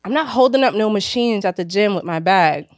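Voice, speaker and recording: A woman's voice: mid-range voice, animated, brisk, no echo. A woman chatting on a casual podcast, telling a story with lots of life and playing out each voice she quotes. Her voice sits in a middle range. The sound is dry and close, with no room behind it.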